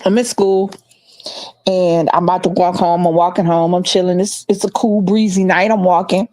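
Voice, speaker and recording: A middle-aged woman telling a story in casual chat, animated and laughing, acting out the other people's voices. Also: lowish voice, normal speed, dry recording. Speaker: podcast co-host.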